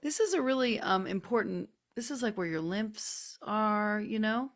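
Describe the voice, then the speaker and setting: A woman hosting a group video call, chatty and gently coaxing as she guides a neck stretch with soft, drawn-out cues. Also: mid-range voice. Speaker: host leading a group session. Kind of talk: casual guided stretching instruction. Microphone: computer mic on a video call.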